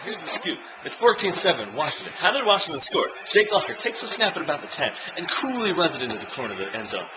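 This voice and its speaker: A young man filming himself at home as he watches a football game, chatting and cheering loudly. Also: fairly high pitch, very animated, quick pace, few pauses. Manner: swings from quiet chat to loud cheering shouts. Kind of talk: casual vlog, reacting to live football. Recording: noisy home video recording.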